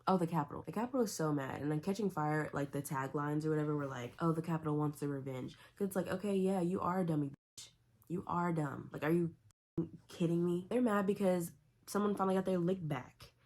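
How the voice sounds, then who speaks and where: A woman's voice: lowish voice, fairly quick, a little mellow. A young woman talking casually and opinionatedly about books she is reading, full of "like" and asides. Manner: chatty, opinionated, lots of "like". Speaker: book vlogger.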